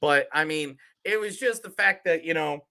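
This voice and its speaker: A man hosting a casual movie review podcast, animated and sweary, often repeating himself as he talks. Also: a little high, moderate pace. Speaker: podcast host.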